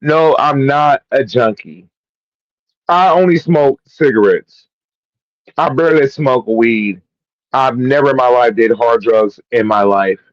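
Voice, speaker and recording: A man's voice: medium pitch, a little slow, no room sound. A man hosting a livestream, talking bluntly and cutting in during casual chat. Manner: talkative, interrupting, blunt. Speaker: livestream host. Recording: dull, dry stream audio.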